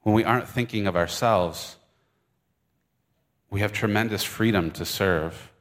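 Man pastor with a Michigan accent, low-pitched, informal and earnest from the pulpit. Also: unhurried. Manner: conversational, earnest, with fillers and restarts. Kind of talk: sermon. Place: church service. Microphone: microphone.

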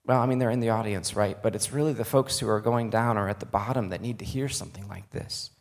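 A man delivers a sermon in a somewhat low, gravelly voice. He moves between reading scripture and talking directly to his listeners in an earnest, conversational way. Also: fast. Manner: earnest, conversational asides to the audience. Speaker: preacher.

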